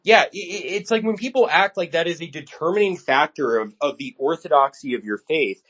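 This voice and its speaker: Brief: an agitated male podcast co-host, blunt and ranting, higher-pitched voice. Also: lively intonation, brisk, fairly bright tone, slightly rough. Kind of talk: casual podcast chat.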